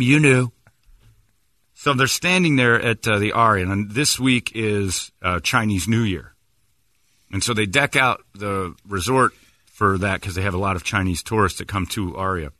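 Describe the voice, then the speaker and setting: Guy hosting sports radio, bright voice, bouncy pitch, teasing and rambly, dry studio sound. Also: unhurried, no echo. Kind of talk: joking studio banter.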